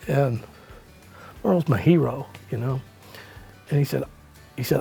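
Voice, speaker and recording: A middle-aged man, a musician guest, telling a rambling story in a relaxed way, with many fillers and acted-out quotes. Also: mid-range voice, measured pace, vocal fry, long pauses, faint music behind. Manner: acts out quoted lines in the story. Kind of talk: casual anecdotal storytelling.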